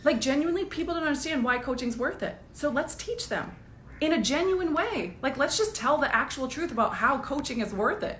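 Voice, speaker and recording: A woman coach talks straight into her phone on a live stream, upbeat and blunt, dropping the odd swear and laughing as she goes. Her voice sits slightly high. The room around her rings with echo, and a faint low rumble runs underneath. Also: brisk. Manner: energetic, blunt, laughs often, swears casually. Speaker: business coach. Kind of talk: casual live-stream pep talk.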